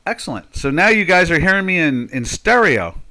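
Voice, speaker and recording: The host here is an older man on a live trading stream, talking casually and reasoning out loud while tweaking settings. His voice sits on the high side, sing-song, pushed and bright, at a normal pace.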